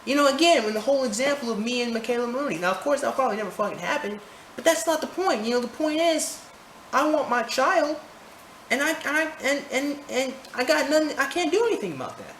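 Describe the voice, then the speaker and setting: A man's voice: very high-pitched, animated, fast, a bit bright. Heated, profane man ranting in echoey room. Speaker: vlogger. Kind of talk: opinion rant to camera. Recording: roomy echo, faint background noise.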